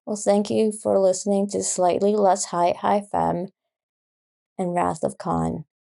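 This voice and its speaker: A woman's voice: mid-range voice, little pitch movement, a little slow, creaky, dark tone. A woman hosting a podcast, chatting casually about a movie she loves, swearing freely and getting emotional. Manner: swears freely, gets emotional, many fillers. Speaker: podcast host. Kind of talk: casual rambling movie chat.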